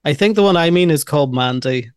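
A man's voice: on the high side, fast, smooth, no echo, clean studio sound. A man co-hosting a podcast, chatting casually about a movie, laughing and jumping in with favorite lines. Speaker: podcast co-host. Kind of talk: casual movie recap chat.

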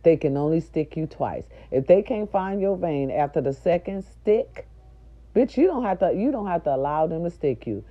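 A middle-aged woman, a nurse aide, telling viewers a story in a loud, profane, indignant rant. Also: fairly low pitch, expressive, moderate pace. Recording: dull lo-fi recording.

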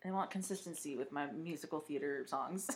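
A woman's voice: low voice, fairly quick, a crowd in the background. A young woman co-hosting a podcast in casual chat, candid and joking with frequent laughs. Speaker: podcast co-host.

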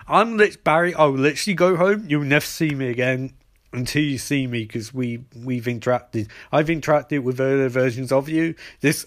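A man's voice: mid-range voice, natural voice. A dismissive male villain who rambles on and trips over his own explanation, as a man puts him on. It is close to the man's own casual voice.

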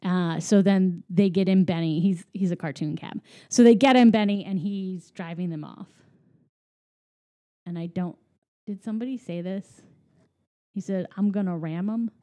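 A chatty woman recaps a film in casual conversation, jumping into the characters' lines with quick little voices. Her tone is mellow and warm, and the sound is dry and close. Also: on the low side, no echo. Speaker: podcast co-host.

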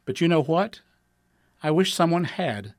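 A man's voice: a little high, expressive, a little slow, no room sound, clean studio sound. A man, the author, reading his own letter aloud in an earnest, tender way.

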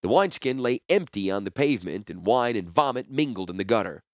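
A man narrating a fantasy novel chapter in an expressive storytelling manner. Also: fairly low pitch, fairly quick, no room sound, studio quality. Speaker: audiobook narrator.

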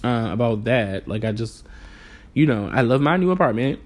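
A man's voice: mid-range voice, normal speed. A man telling a rambling, exasperated story in a casual vlog, acting out the people in it. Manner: animated, exasperated storytelling with voiced asides. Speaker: vlogger.

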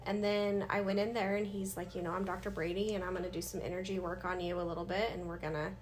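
A podcast guest in her thirties talks through her life story at a quick pace, her pitch fairly low, with a little hiss or hum behind her. It's a casual interview, and she animatedly acts out what people said to her.

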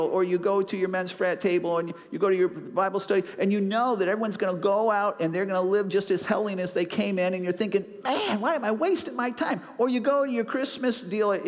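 A man's voice: high voice, big-room sound. A male pastor preaching a sermon in a conversational, self-deprecating way, acting out little asides.

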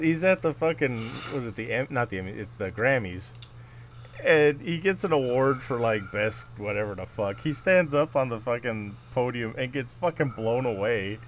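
A man's voice: medium pitch, a little hiss or hum. A man co-hosting a podcast, chatting casually and swearing as he laughs through a retelling. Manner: profane, laughing, animated retelling. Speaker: podcast co-host. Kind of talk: casual chat.

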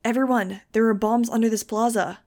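A woman voicing a desperate teenage bird-girl who yells frantic warnings to a crowd, read in a storybook reading. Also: fairly high pitch, steady tone, a little fast, close to an everyday voice. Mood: urgent. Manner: frantic yelling.

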